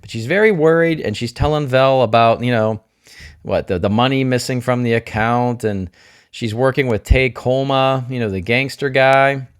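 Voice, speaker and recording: A man's voice: mid-range voice, normal speed, smooth. Chatty man thinking aloud. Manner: thinks aloud, questions himself, jokey asides; openly emotional, gushing. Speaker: TV show reviewer. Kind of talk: casual spoiler review.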